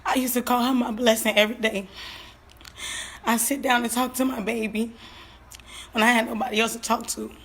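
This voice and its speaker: A woman in her twenties, a grieving mother telling her story on a live stream, nervous and shaky, halting, with lots of fillers and repetition. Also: a little high, flat delivery, husky. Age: 20s. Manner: halting, filler-heavy, repeats herself.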